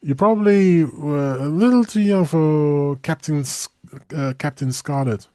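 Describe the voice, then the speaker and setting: A man with a high, light voice chats on a talk show, recorded dry and close. He is animated, laughs often and slips into playful voices. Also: unhurried, no room sound. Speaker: co-host. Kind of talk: casual chat.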